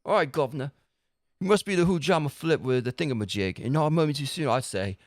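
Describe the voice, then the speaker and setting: A man's voice: on the high side, animated, quick pace, no echo, clean studio sound, pitched above the performer's own voice. A man reading a game character's lines, voicing a chatty male Wonderland local in a put-on British accent with a folksy, fussy manner. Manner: folksy, fussy, self-correcting.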